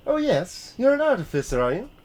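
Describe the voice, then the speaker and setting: A man voicing an irritable, sharp-tongued woman artificer with a Yorkshire accent, raising his pitch for her. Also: very animated, fairly quick. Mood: grumpy. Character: irritable grumbling woman artificer, gruff mechanic.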